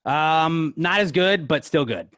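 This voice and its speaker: A man's voice: a little high, expressive, slow pace, fairly bright tone, dry recording, clean studio sound. A man co-hosting a podcast, rambling through filler-heavy casual chat and getting worked up. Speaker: podcast co-host.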